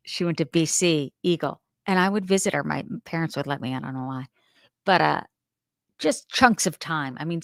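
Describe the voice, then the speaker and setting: A woman's voice: sits low, no room sound, clean studio sound. A middle-aged woman from New Jersey hosting a casual live stream about a trial, talking nonstop in a rambling, self-deprecating way. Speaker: true-crime show host.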